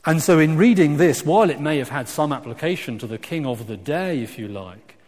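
Emphatic preacher in a reverberant hall. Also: male voice, fairly high pitch, a little fast. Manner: animated and emphatic, swinging between loud exclamations and quiet asides; frequent restarts and stumbles. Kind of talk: sermon.

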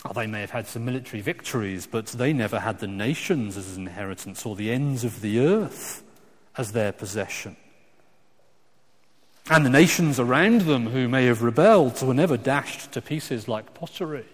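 Male preacher, mid-pitched, animated delivery with restarts, long hall echo. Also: normal speed. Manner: animated and emphatic, swinging between loud exclamations and quiet asides; frequent restarts and stumbles. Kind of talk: sermon.

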